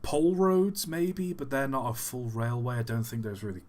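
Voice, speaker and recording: A man's voice: medium pitch, fairly even intonation, moderate pace, darkish tone. Hesitant man thinking aloud on stream. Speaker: livestream host. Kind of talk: casual live-stream Q&A.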